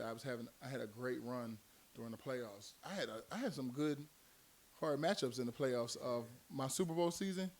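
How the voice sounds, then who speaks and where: A former football player from Miami, in the United States, tells long, rambling stories in a casual chat and laughs often between his points. His voice is medium-pitched and a bit dark, and the studio recording carries slight background noise.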